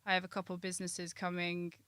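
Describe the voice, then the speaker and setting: A woman's voice: lowish voice, completely flat delivery, fast talker, a bit bright, clean tone, dry recording. A young woman in her twenties, chatting as a podcast guest in an upbeat way with frequent restarts. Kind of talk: casual chat.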